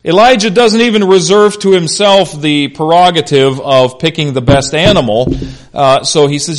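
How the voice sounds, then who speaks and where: A man, a pastor, preaching a conversational expository sermon that swings between loud emphasis and quiet asides. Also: a little high, normal speed. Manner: conversational, unscripted, frequent "uh" and "you know".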